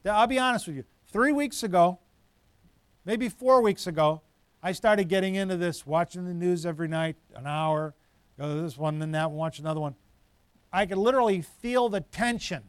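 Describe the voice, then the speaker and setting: Middle-aged guy preaching, chatty storyteller, pushes hard on his points, high-ish voice. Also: normal speed, clear, resonant tone, dry recording. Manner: storytelling, conversational with emphatic build-ups. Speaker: pastor. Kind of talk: sermon.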